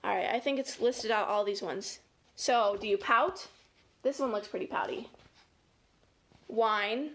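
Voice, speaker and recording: A woman's voice: a little high, a little slow, long pauses, a little hiss or hum. A woman, a family educator, reading a picture book aloud to children in a playful, chatty way, with gasps and laughs along the way.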